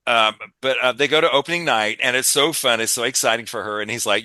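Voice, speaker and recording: Older male podcast host, bright, forward voice, close dry mic, chatty retelling of a film with acted-out lines. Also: mid-range voice, quick pace, no room sound. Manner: animated storyteller, acts out lines. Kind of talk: casual chat retelling a film plot.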